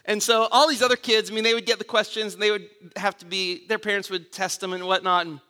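A man's voice: sits high, flat delivery, fast, bright, forceful tone, clear, resonant tone. A man preaching a conversational sermon as a pastor, telling stories with self-mocking humor and asking rhetorical questions. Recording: reverberant church hall.

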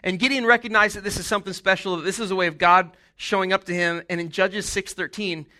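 Bright, lively young-sounding preacher man. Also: sits high, fast. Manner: animated, jokey storytelling with acted-out voices. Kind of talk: casual sermon.

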